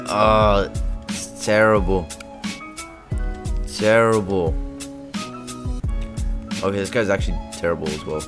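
Excitable young man trash-talking over gameplay. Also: low-pitched, takes it slowly, pauses often, music in the background. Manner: excitable, trash-talking, swings between muttering and shouting. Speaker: gaming video creator. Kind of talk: live gameplay commentary.

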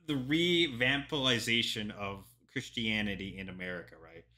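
A man's voice: on the low side, bright, forceful tone. A young man, a historian, reacting to a history video in casual chatty commentary with lots of ums and joking asides.

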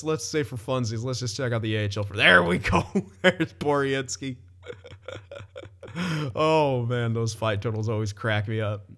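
A man's voice: mid-range voice, fairly bright tone. A young man casually commenting on his own hockey game, chatty, often laughing and swearing loosely. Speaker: gaming commentator.

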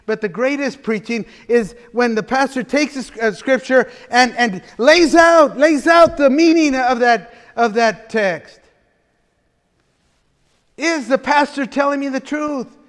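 High-voiced pastor preaching in a reverberant church. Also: male voice, a little slow, a bit bright. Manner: chatty, folksy asides with frequent laughter and restarts. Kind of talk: conversational expository sermon. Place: church sanctuary.

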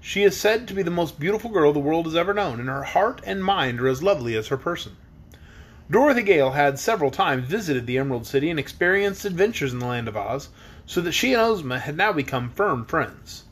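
A man's voice: on the high side, animated, brisk, a bit bright, husky. A man reading a storybook aloud, with occasional small slips and restarts. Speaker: storybook reader.

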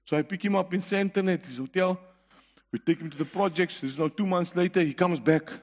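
A man's voice: high voice, fairly quick, a little mellow, in a large hall. A middle-aged man with a South African accent preaching a sermon as a guest speaker, telling stories with earnest conviction and laughing between points. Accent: South African English. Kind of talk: sermon with personal testimony.

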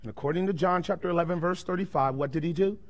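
A man preaching a sermon as pastor, firing rhetorical questions at his congregation and swinging between loud declarations and quiet, slow passages. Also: fairly high pitch.

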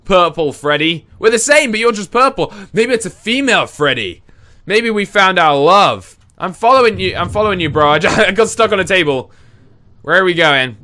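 A man giving casual let's play commentary on a horror game, chatty and confused, reacting out loud. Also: sits high, expressive, moderate pace. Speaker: gaming video host.

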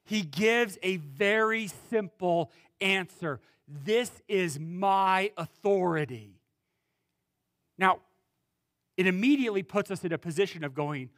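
High-voiced pastor, slow dramatic preaching. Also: male voice, no echo, clean studio sound. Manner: preaching with dramatic pauses and wide swings in pitch and loudness. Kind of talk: sermon.

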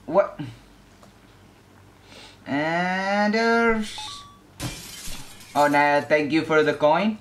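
A young man giving casual gameplay commentary, excitable and yelping at the game. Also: on the high side, takes it slowly, long pauses, slight background noise. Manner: excitable, yelps and shrieks at the game. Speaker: gaming YouTuber.

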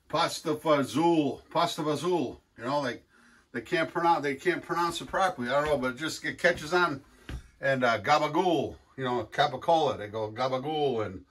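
A man's voice: fairly high pitch, fairly bright tone. Rambling, folksy man cooking. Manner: rambling, folksy, full of fillers and restarts. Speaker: cooking show host. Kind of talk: casual cooking demonstration.

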